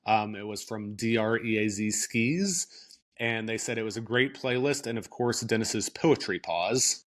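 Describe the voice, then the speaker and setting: A man with a somewhat low voice co-hosts a casual podcast. He reads out news items and listener picks in an easygoing way. He often hedges with "I think". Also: a little slow. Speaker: podcast co-host.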